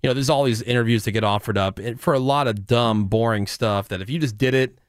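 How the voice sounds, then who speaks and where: A man's voice: mid-range voice, fast, smooth, no room sound, clean studio sound. A man hosting a radio show, telling a story in casual banter and laughing often.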